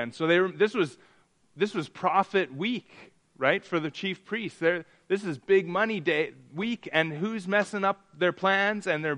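A man teaching a Bible study, often stumbling and restarting, sometimes acting out quoted voices with rising excitement. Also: fairly high pitch. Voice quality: halting, repeats words and restarts often. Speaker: pastor.

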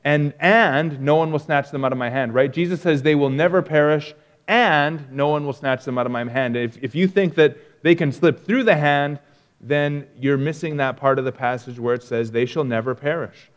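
A man's voice: medium pitch, moderate pace. A man teaching a theology lesson, reading quoted passages aloud and explaining them in an earnest, emphatic way with frequent restarts.

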